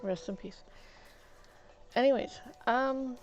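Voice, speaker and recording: A woman's voice: fairly high pitch, takes it slowly. A woman streamer chatting casually while eating, rambling through meandering asides. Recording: dull lo-fi stream audio with faint music.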